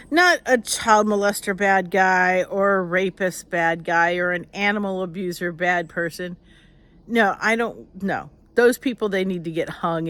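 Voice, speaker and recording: An older woman chats loosely on a live stream. She rambles from one thing to the next and calls out hellos to viewers by name. Her pitch sits in the middle range for a woman. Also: fairly bright tone, a little hiss or hum. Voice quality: nasal. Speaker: author. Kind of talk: casual live-stream chat.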